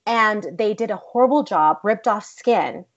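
A woman and actress, the guest in an interview, telling a story in a blunt, profane, animated way. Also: medium pitch, unhurried. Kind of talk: casual storytelling. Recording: dull lo-fi recording.

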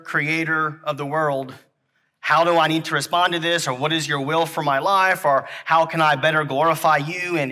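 A man preaching with a bright, forceful voice that sits a little high. He is earnest and halting, and he often repeats his words as he works through an object lesson for the children in the congregation.

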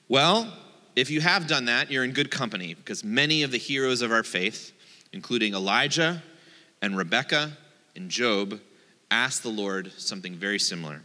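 A man's voice: mid-range voice, expressive, moderate pace, pushed and bright, big-room sound. A man, a rabbi, giving a playful, joking sermon and acting out the voices in his quotes.

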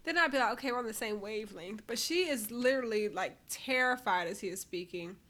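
Chatty woman podcaster, lots of likes, bright and kinda high. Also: a little fast. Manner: animated, acts out what she'd say in quotes. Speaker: podcast co-host. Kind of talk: casual chat.

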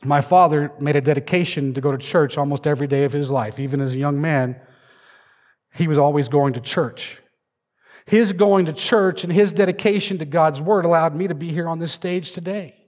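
A man's voice: a little high, moderate pace, darkish tone. Man preaching in a reverberant church hall. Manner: dramatic storytelling, acting out voices. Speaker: pastor. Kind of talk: sermon. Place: church sanctuary stage.

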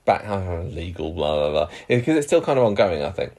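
A man's voice: low voice, sing-song, fairly quick, a little mellow. A man co-hosting a podcast, retelling a news story in a rambling, self-interrupting way and laughing easily. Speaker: podcast co-host.

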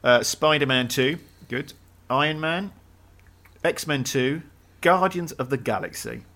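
A man's voice: medium pitch, bright, forceful tone. A man co-hosting a podcast, chatting enthusiastically about films. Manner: enthusiastic, quick to laugh. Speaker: podcast co-host. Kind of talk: casual podcast chat.

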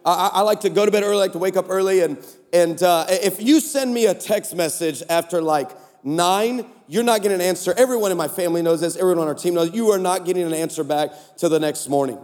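A man preaching at a conference, telling a comic story with animated delivery and playful voices for the people in it. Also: high voice, quick pace, big-room sound. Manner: animated, acts out texts in funny voices. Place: large conference hall.

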